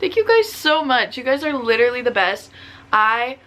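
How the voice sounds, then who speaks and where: A woman's voice: on the high side, very animated, moderate pace, fairly bright tone. A young woman vlogging casual book reviews, chatty and gushing, with lots of filler words.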